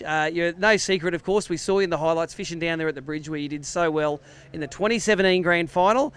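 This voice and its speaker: A man's voice: sits high, fast talker, smooth. An Australian man emceeing a live fishing weigh-in outdoors by a lake, with jokey, upbeat banter. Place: outdoor lakeside weigh-in stage.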